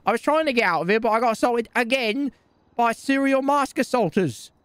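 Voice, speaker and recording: A man with a high, tight-voiced delivery rambles brashly through improvised role-play, crude and quick to complain. His voice sits close and dry, with no room around it. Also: expressive, a bit bright, clear, resonant tone, no room sound. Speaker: streamer playing a role-play character.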